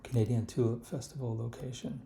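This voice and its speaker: A man thinking aloud as he works through a crossword, slowly reading clues half to himself. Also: mid-range voice, steady tone, dark tone. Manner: slow, musing, reads clues half to himself. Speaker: puzzle solver. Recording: echoey room with clear background noise. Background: keyboard clicks and typing.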